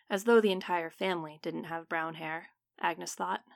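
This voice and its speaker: A woman reading a story aloud in measured, dramatic audiobook narration. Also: lowish voice, steady tone, vocal fry, no room sound, clean studio sound.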